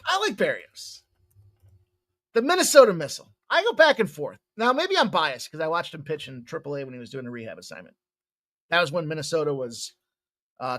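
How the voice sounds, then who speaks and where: A man's voice: mid-range voice, fairly bright tone. A man hosting a sports betting show, rambling and joking through his picks and swearing casually.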